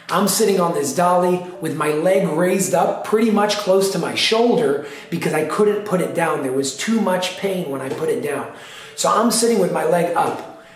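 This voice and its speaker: Guy telling a dramatic story, kinda high voice, big echoey room, faint music behind. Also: distant mic. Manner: emphatic, dramatic, repeats phrases for effect. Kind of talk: personal storytelling.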